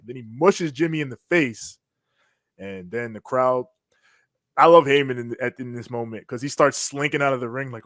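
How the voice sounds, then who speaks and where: A man's voice: mid-range voice, moderate pace, a bit bright, dry recording, clean studio sound. A man co-hosting a podcast, animatedly recapping wrestling in casual slang and acting out quotes. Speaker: podcast co-host.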